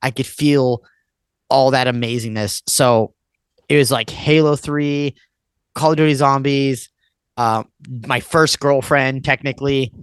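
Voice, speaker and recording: On a casual podcast, a guest in his thirties rambles across memories, swearing often and filling with "like." His voice is smooth and medium-pitched, with fairly even intonation and an unhurried delivery. It's a close, dry recording with no room sound.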